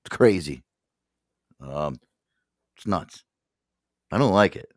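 An American man hosting a casual talk show, slightly hoarse, animated and laughing often. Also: sits low, slow, dry recording, studio quality. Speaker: host.

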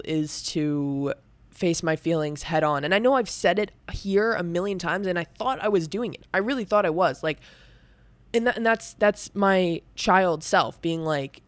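A woman's voice: low-pitched, moderate pace, no room sound. A young woman talking candidly and at length about her own feelings, rambling with many restarts and filler words. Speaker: podcast host. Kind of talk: candid personal talk.

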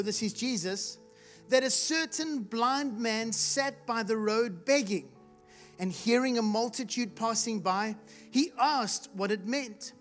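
A preacher giving a sermon to a live congregation, asking rhetorical questions and calling for responses, at times rising to loud shouts. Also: mid-range voice. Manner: rises to loud shouts when acting out the blind man's cries. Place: church hall with live congregation.

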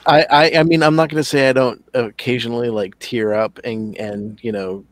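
A man co-hosting a podcast, talking casually in halting phrases with repeated starts. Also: medium pitch, fairly even intonation, dry recording. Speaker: podcast co-host. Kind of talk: casual chat.

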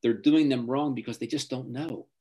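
Speaking at normal speed in a medium-pitched voice that's dark and slightly rough, a middle-aged driving coach appears as an interview guest. He hands out advice emphatically and performs the quoted lines of parents and teenagers.

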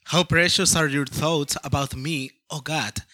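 A man with a Peruvian accent reading scripture aloud to a church, slowly and carefully. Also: a little high, fairly even intonation, sharp tone.

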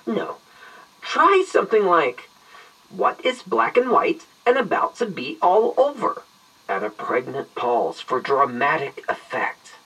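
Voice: medium pitch, sing-song, slow pace, fairly bright tone, husky, exaggerated voice. Audio drama: actor as a pompous, wordy retired detective, swooping delivery, slightly distant mic. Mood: theatrical. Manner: long-winded, verbose and mock-grand. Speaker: detective on an answering machine greeting.

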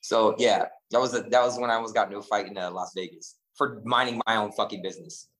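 A man co-hosting a casual chat, telling stories in an animated, profane and rambling way, full of restarts. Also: on the low side, fast, rough recording. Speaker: podcast co-host.

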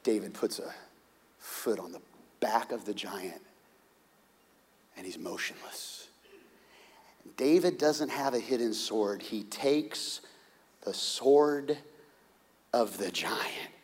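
A middle-aged man preaching a sermon as pastor, telling the story dramatically with shouts and hushed whispers. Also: on the low side, animated, takes it slowly, long pauses, in a large hall, slight background noise.

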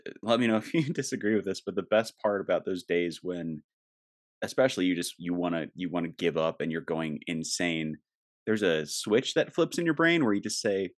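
A man co-hosting a podcast in casual chat, joking and expressive. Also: low-pitched, fairly quick, no room sound, clean studio sound.

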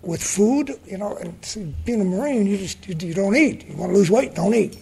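A man's voice: high-pitched, animated, moderate pace, creaky, a crowd in the background. An older man sharing at a support group meeting, blunt and self-mocking. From San Diego area, USA. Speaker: meeting speaker.

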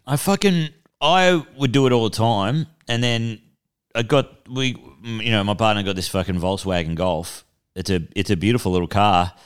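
Aussie man, podcast co-host, casual chat, laid-back, quick to laugh, smooth clear voice. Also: lowish voice.

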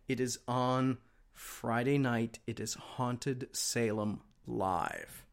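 A Wisconsin man in his 30s or older co-hosts a casual chat podcast, wry and offhand as he skims through listings. His mid-range voice has vocal fry, and he speaks extremely slowly.

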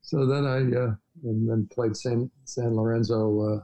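An older man recounts his travels in a relaxed, mellow voice. He rambles along with frequent "uh"s and restarts, like a guest in a casual chat. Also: mid-range voice, unhurried, rough recording. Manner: rambling, many fillers and restarts. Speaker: podcast guest. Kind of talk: casual storytelling interview.

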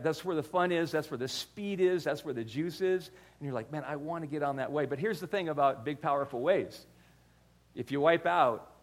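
An older man giving a sermon, telling stories in a conversational way with frequent restarts and repeated words. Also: a little high. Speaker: pastor.

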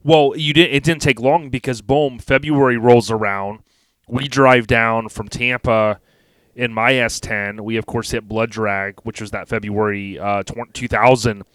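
A man's voice: medium pitch, steady tone, measured pace, a bit bright, dry recording. A man hosting a podcast in a casual chat, prompting his guest with his own recollections. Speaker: podcast host.

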